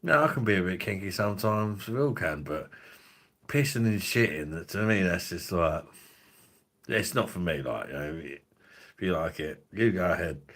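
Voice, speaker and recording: A man's voice: deep voice, fairly bright tone. A young man hosting a casual livestream, rambling crudely and swearing a lot. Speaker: livestream host.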